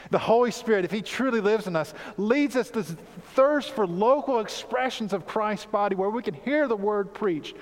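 Man, pastor, sermon, earnest emphatic preaching, high voice, long church reverb. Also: moderate pace, hardly any pauses.

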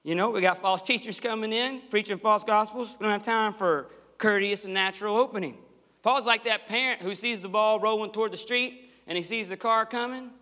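Man, pastor, sermon, passionate emphatic preaching, bright forceful tone, long church hall echo. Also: sits high, brisk. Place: church sanctuary.

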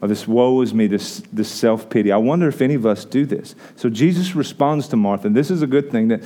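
Mellow-voiced man preaching a sermon. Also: mid-range voice, fairly quick. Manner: conversational preaching with repeated restarts. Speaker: pastor.

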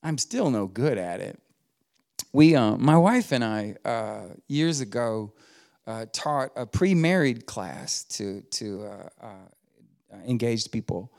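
A man's voice: mid-range voice, sing-song, slow, gravelly, a little mellow. A middle-aged man, preaching a sermon in a folksy storytelling way. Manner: folksy storytelling with laughs and quoted voices. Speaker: pastor.

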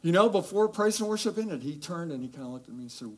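Animated man preaching a sermon. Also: fairly high pitch, fast talker. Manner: conversational, animated storytelling with quoted voices. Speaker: pastor.

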